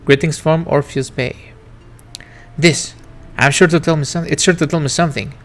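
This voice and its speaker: A man's voice: a little high, steady tone, normal speed. Man reading game narration wistfully. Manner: reflective, wistful reading of first-person narration. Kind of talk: reading game text aloud. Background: faint game music.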